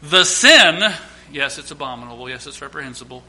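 A man, a pastor with young children, preaching a sermon, emphatic, repeating and listing phrases, swinging from loud declarations to quiet asides. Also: fairly high pitch, lively intonation, brisk, slight background noise.

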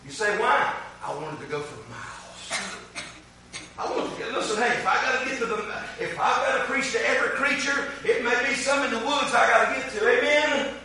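A man's voice: very high-pitched, brisk, a little hiss or hum. Fervent Appalachian preacher man, echoey hall. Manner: fervent, loud, shouting with frequent amens. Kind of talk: sermon. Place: large church hall. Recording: echoey hall, mic from a distance.

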